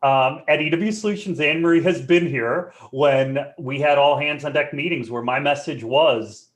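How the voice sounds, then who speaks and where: A man's voice: on the high side, moderate pace, hardly any pauses. Joking man presenting a live webinar. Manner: joking, conversational, animated delivery.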